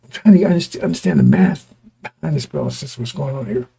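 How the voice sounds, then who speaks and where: A man preaching a sermon to his congregation, his voice going hoarse, talking in repetitive, stop-start bursts and often asking listeners whether they understand. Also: mid-range voice, lively intonation, fast, warm tone, slight background noise. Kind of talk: street-style sermon to a congregation.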